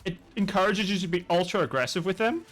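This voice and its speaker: Lively high-voiced man swearing casually. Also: fast talker. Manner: animated, swears freely. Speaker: streamer playing a game. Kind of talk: casual gaming chat.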